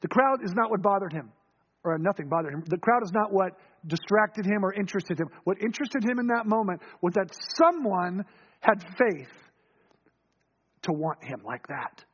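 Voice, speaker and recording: A man with a high, husky voice preaches a storytelling sermon and acts out the voices in the story. He surges fast and loud, then drops low and hushed. The sound is dull and lo-fi. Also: lively intonation.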